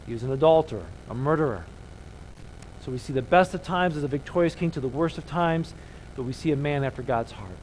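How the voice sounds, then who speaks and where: A man delivers a relaxed, conversational sermon and leads the congregation in call-and-response. His voice sits a touch higher than most men's. Faint background noise lies under the speech. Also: poor audio. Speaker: preacher teaching the congregation.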